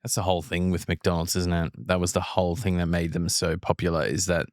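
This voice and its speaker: Deep-voiced man chatting on a podcast. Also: level tone, dry recording, studio quality. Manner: reacts with quick laughs and explains things. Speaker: podcast co-host. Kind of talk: casual chat.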